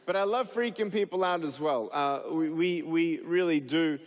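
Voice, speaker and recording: A man's voice: fairly high pitch, normal speed, big-room sound. A man giving a humorous speech to an audience, telling stories playfully and acting out scenes, with many fillers and restarts. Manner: playful storyteller who acts out scenes. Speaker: public speaker.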